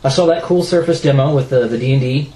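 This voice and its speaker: A man co-hosting a gaming podcast, talking in a casual, rambling way with halting restarts. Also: mid-range voice, dark tone, reverberant, poor audio. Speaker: podcast co-host. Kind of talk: casual chat.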